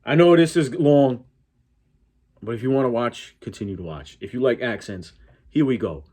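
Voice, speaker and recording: A man's voice: medium pitch, normal speed, warm tone. A man with a Connecticut accent doing reaction commentary, blunt and profane, talking back at the clip he is watching. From Connecticut, USA. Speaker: reaction YouTuber.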